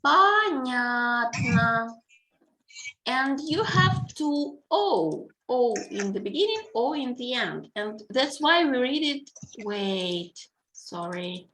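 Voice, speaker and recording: Slow, patient Russian-accented woman teacher. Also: fairly high pitch, fairly bright tone, a little hiss or hum, poor audio. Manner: slow, patient, hesitant with many fillers. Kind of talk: online language lesson. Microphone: video call.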